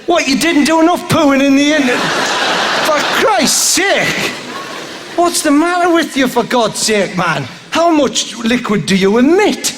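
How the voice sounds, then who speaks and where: A man's voice: extremely high pitch, lively intonation, a little slow. A man doing stand-up crowd work on a theatre stage, rambling and jumping into squeals and silly voices. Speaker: stand-up comedian. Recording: live show recording with noise behind.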